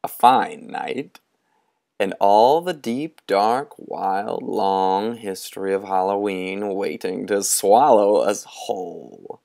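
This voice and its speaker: A man voicing a tall, bony, laughing old male specter, booming and theatrical with drawn-out words. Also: creaky, dark tone. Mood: grand.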